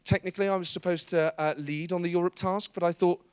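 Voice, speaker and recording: A man's voice: sits high, steady tone, fast, smooth, dry recording, clean studio sound, natural voice. A man impersonating a flustered male politician stammering out excuses. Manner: hesitant, stammering.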